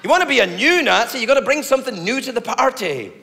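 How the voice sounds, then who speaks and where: A man's voice: extremely high pitch, expressive, fast talker, gravelly, pushed and bright. A man doing a stand-up routine, brash, profane and mocking. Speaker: stand-up comedian. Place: comedy venue with live audience. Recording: reverberant venue with laughing audience.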